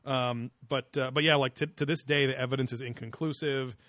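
A man's voice: medium pitch, steady tone, brisk, a bit bright, dry recording, studio quality. A man co-hosting a podcast in casual chat, rambling through a story, swearing casually and laughing often. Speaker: podcast co-host.

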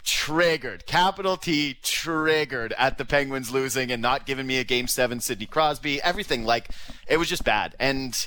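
A man in casual sports talk, worked up and ranting, with a bright, forceful edge to his voice. His sentences keep breaking off and restarting as he vents. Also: mid-range voice, moderate pace, slight background noise. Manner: ranting, animated, swears, trails off into restarts. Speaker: sports radio co-host.

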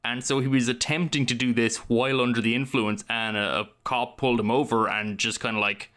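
A man's voice: medium pitch, steady tone, a little fast, fairly bright tone. A man co-hosting a podcast in casual chat, telling stories and laughing. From Ireland. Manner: storytelling, laughing. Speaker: podcast co-host.

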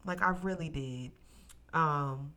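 On her own podcast, a young woman recounts a personal story much like a testimony, animated and emotional, at moments nearly crying. She refers to her listeners as "y'all." Her voice sits low, and she speaks slowly.

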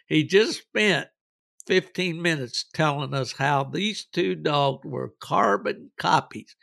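A man's voice: on the high side, takes it slowly, vocal fry, fairly bright tone, no room sound, studio quality. A man hosting a podcast, telling rambling, folksy stories with frequent chuckles. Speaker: podcast host. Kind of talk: casual storytelling.

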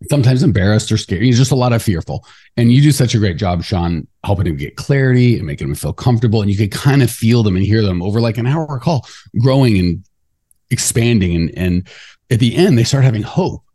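A man co-hosting a podcast in casual chat, talking fast and getting fired up, acting out quoted voices along the way. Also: lowish voice. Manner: fast, animated, ranty. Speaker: podcast co-host.

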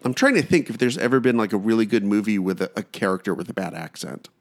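A man co-hosting a comedy podcast, telling stories in an animated, casual way. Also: lowish voice, fast. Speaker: podcast co-host.

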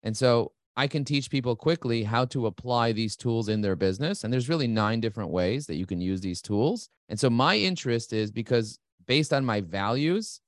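A middle-aged man talking as an interview guest, fast and enthusiastic, repeating key words for emphasis. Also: mid-range voice, expressive, dry recording, studio quality. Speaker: guest, marketing agency CEO. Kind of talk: energetic interview talk.

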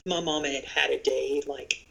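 Podcast guest, earnest storyteller, some vocal fry, talks straight to the audience. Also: medium pitch, steady tone, a little slow, fairly bright tone, low-quality recording. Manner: earnest, speaks directly to listeners. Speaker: podcast guest speaking on real estate agent safety. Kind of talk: conversational storytelling.

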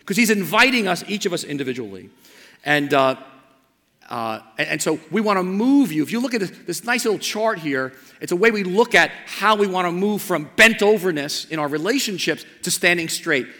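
A man preaching a sermon as pastor of his church. He builds to emphatic repeated lines, then drops to a soft, slow invitation. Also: high voice, animated. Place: church sanctuary. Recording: long church hall reverb.

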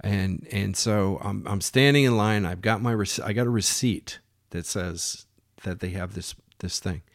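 A man telling a casual anecdote in an animated way, often restarting his phrases. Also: lowish voice, a little slow, no echo, studio quality. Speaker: storyteller.

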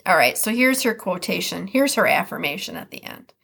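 A woman's voice: lowish voice, lively intonation, brisk, vocal fry, fairly bright tone, breathy edge. A woman with a Midwestern American accent hosting a podcast, chatting casually and reading quotes aloud before commenting on them. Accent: Upper Midwest American. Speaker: podcast host.

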